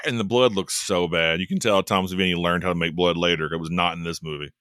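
A man co-hosting a casual chat, talking in a joking, wry way with quick asides. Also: low-pitched, steady tone, bright, forceful tone, clean tone, no room sound, studio quality. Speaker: podcast co-host.

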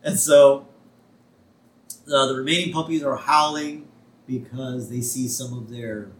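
A man co-hosting a podcast, chatting casually as he recaps an episode and slips into quick character voices when quoting. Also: mid-range voice, fairly even intonation, roomy sound. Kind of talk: casual chat.

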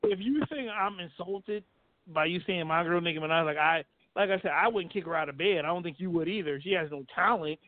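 A man's voice: high-pitched, brisk, no room sound. A man hosting a radio show, chatting bluntly and reading entertainment news with frequent restarts. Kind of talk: casual entertainment news chat. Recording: phone-like line.

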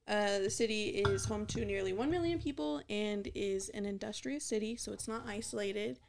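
A woman co-hosting a podcast in casual chat, quick to laugh and tripping over hard names. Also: mid-range voice, gravelly, a little mellow, slight background noise. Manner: laughs easily, stumbles over foreign names. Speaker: podcast co-host.

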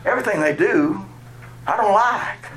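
A man's voice: sits high, lively intonation, moderate pace, a bit bright. A man from Georgia, preaching a sermon through a candid personal story and chuckling at himself. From Georgia, USA. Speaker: pastor.

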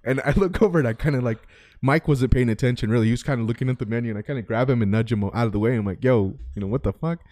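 Young male podcast co-host, casual and profane, animated raconteur who acts out the quotes, dry close-mic sound. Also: mid-range voice, very fast, dry recording. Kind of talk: casual storytelling chat.

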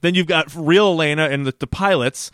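A man co-hosting a podcast, talking in a casual, animated way with frequent laughs. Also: a little high, brisk, no room sound, studio quality. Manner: animated, laughs often, many fillers. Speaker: podcast co-host. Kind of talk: casual chat.

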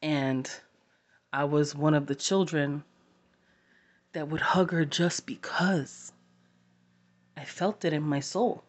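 Slow, halting woman speaking from the heart. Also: deep voice, fairly even intonation. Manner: halting, heartfelt, with long pauses. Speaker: personal storyteller. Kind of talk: personal testimony to camera.

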